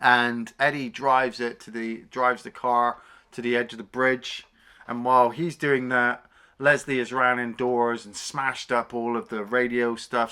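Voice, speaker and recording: A man recaps a film on a review podcast in a bright, forward voice. His delivery is casual and animated, with free swearing, and he often jumps up in pitch to act out lines from the scenes. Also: smooth. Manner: animated retelling, swears freely, acts out scenes in raised voices.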